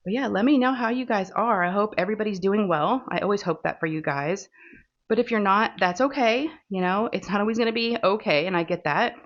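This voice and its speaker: A woman's voice: medium pitch, fairly quick. A woman with a Texan accent, chatting casually and rambling with fillers as she hosts a crafting vlog. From Texas. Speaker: crafting channel host. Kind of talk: casual chat while diamond painting. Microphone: phone. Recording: dull lo-fi phone recording.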